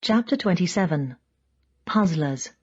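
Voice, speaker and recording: A woman's voice: lively intonation, a little slow, breathy edge, highs cut off. A woman narrating an audiobook in first person, lifting her voice for quoted speakers. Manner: reads in first person, voicing quoted speakers with raised pitch. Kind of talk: scripted narration.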